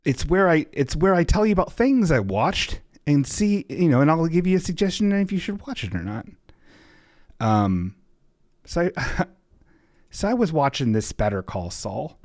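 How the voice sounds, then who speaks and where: A man's voice: on the high side, sing-song, normal speed, a little mellow, no room sound, studio quality. A man hosting a livestream podcast, chatting casually in a rambling, jokey way with sarcastic asides. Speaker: podcast host. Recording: music bed playing underneath. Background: looping background music.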